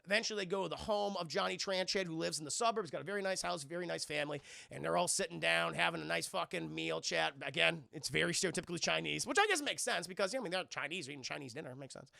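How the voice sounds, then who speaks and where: Creaky, bright-voiced man ranting casually. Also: a little high, quick pace, hardly any pauses, no room sound, clean studio sound. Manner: profane, rambling, joking. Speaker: streamer and film reviewer. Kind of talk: casual livestream film recap.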